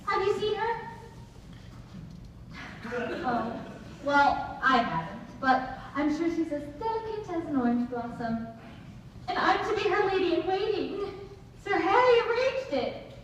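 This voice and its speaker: Gushing lady-in-waiting played by a woman, giddy, gossipy, high, echoey hall from far off. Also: sing-song, normal speed, lo-fi sound, a little hiss or hum. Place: school theatre stage.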